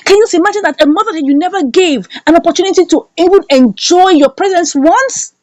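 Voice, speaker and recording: A woman's voice: very high voice, fast talker, no echo. A woman recapping a film, commenting in an indignant, emphatic way and repeating lines for effect. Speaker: movie reviewer. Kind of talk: animated movie recap and commentary.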